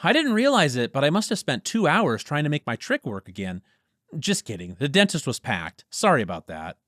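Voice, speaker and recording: A man voicing an eager, easily flustered young man in an audiobook, talking in quick exclamations. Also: fairly high pitch, no echo, studio quality, pitched above the performer's own voice. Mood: playful. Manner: excitable, exclamatory.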